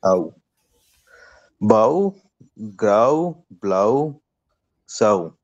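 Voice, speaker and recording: A man's voice: fairly low pitch, big pitch swings, drawn-out words, dull audio. A man student in an online language class, reading words aloud with hesitation and some uncertainty. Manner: hesitant, unsure.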